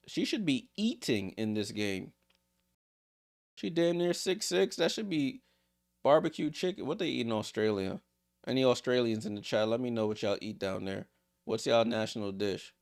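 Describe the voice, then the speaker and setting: A man streaming a live watchalong, giving casual play-by-play and chatting with viewers, voice jumping up on big plays and dropping low for side remarks. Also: moderate pace, creaky. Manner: excitable, rises in pitch on big plays, drops low and quiet for side remarks; chatty, laughs and talks to the chat. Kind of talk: casual live play-by-play commentary with chat asides.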